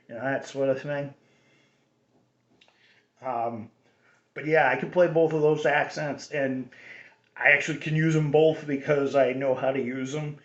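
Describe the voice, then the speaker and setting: A man's voice: medium pitch, fairly even intonation, unhurried, pauses often. Guy rambling on his own little radio show, lots of restarts, echoey room, kinda dull lo-fi sound. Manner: rambling, many restarts and fillers. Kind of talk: casual rambling monologue. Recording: roomy dull lo-fi recording.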